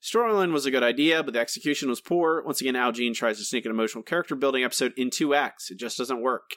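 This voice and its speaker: A man co-hosting a podcast, talking in an animated, incredulous and sarcastic way. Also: mid-range voice, fast talker, no echo, clean studio sound. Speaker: podcast co-host. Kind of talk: casual chat.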